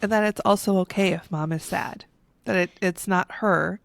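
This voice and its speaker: A woman co-hosting a podcast in casual chat, thoughtful and measured. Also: lowish voice, fairly even intonation, vocal fry.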